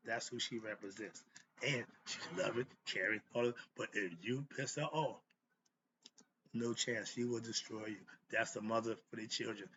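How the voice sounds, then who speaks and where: A man's voice: medium pitch, sharp tone. A man talking casually on his own, loose and chatty, correcting himself as he goes. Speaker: host. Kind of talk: casual solo talk. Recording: dull lo-fi sound with faint noise.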